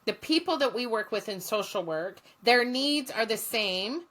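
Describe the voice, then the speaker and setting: A woman's voice: a little high, animated, normal speed, fairly bright tone. A woman guest, a former social work teacher, telling stories in a blunt, profane and passionate way. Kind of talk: storytelling in conversation.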